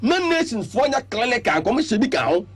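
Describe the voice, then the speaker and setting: A man's voice: very high voice, normal speed, husky. Emphatic Ghanaian man on sports radio. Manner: animated, emphatic, lists points. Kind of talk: radio sports talk, Twi-English mix. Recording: radio studio broadcast.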